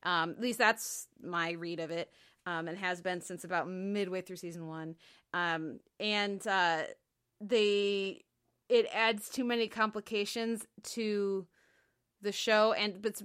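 A woman hosting a TV podcast, working through her analysis in a relaxed, chatty way. She leans on fillers and restarts and laughs now and then. Her voice sits at a middle pitch for a woman. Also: slow, clear, resonant tone. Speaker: podcast co-host. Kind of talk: casual chat.

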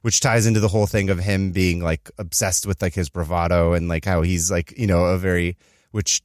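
A man's voice: deep voice, fairly even intonation, dry recording, clean studio sound. A man co-hosting a podcast, rambling and swearing casually as he explains a movie. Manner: quick rambling, swears freely. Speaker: podcast co-host. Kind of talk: casual chat.

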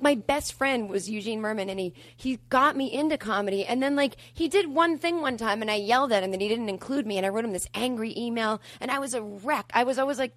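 A woman comedian in casual podcast chat, telling self-deprecating stories with quick banter. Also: a little high, fairly bright tone, dry recording.

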